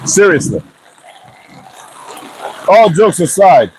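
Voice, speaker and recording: A man's voice: sits high, big pitch swings, slow, a little mellow, slight background noise, poor audio. A man talking casually to his viewers in a loose, rambling vlog, full of joking asides. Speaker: vlogger.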